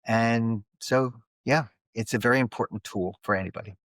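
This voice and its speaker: A man's voice: normal speed, no echo. Nasal Philadelphia-accented man telling stories. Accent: Philadelphia and South Jersey. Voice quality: slightly high, nasal. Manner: animated storyteller who acts out the other people in his stories. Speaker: guest, conflict mediator. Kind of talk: storytelling interview talk.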